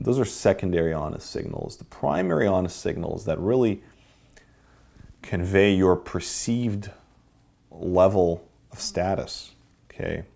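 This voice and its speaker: Deep-voiced male dating coach lecturing. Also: gravelly, dark tone. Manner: peppers points with "okay?" and "right?". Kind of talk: workshop lecture.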